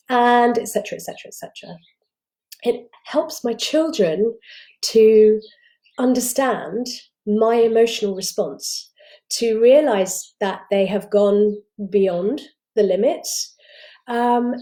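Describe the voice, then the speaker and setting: A woman's voice: mid-range voice, dark tone. A woman coaching parents, explaining things reassuringly and often restarting her phrases. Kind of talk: explanatory talk to camera.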